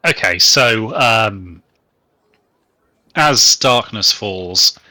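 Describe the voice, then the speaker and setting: Bright-voiced man narrating as game master. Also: lowish voice, very slow, no room sound. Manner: relaxed, rambling narration with many fillers.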